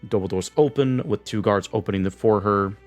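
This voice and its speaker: A man's voice: fairly low pitch, a little fast, faint music behind. A man running a tabletop game as game master, narrating scenes loosely with many fillers.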